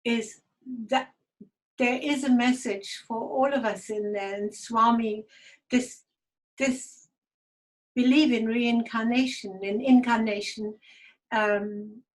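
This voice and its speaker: A woman giving a halting, reflective personal spiritual testimony, audibly emotional. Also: a little high, fairly even intonation, rough recording. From Germany. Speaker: guest speaker.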